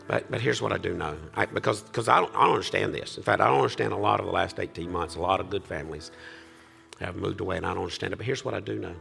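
A man pastor closing a church service with a farewell prayer, speaking earnestly, halting and restarting. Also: deep voice, creaky, sharp tone, faint music behind. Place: church sanctuary.

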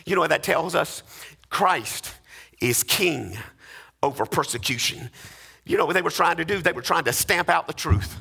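Pastor guy preaching, raspy gravelly voice, bright and tense, sing-song refrains. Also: a little high. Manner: emphatic preaching with repeated refrains, rising to near-sung cadences. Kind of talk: sermon.

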